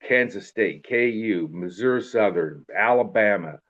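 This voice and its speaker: A man's voice: on the low side, unhurried, fairly bright tone. An older man telling a rambling, folksy story from his past, full of fillers and tags like "you know what I mean". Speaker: interviewee telling life story. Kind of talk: casual storytelling. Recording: dull lo-fi recording.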